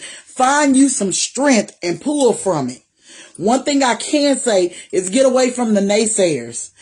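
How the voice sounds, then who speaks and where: A woman's voice: on the high side, expressive, unhurried, darkish tone, breathy edge. A woman vlogger speaking straight to her viewers in a personal testimony, faith-filled and encouraging, repeating phrases for emphasis. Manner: talks directly to viewers.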